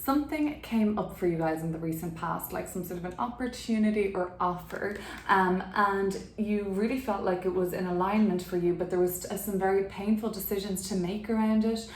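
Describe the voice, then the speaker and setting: A woman's voice: mid-range voice, fairly quick, reverberant, slight background noise. A woman giving a casual tarot reading from her apartment, chatty and full of fillers. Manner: chatty, filler-heavy, laughs easily. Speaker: tarot reader.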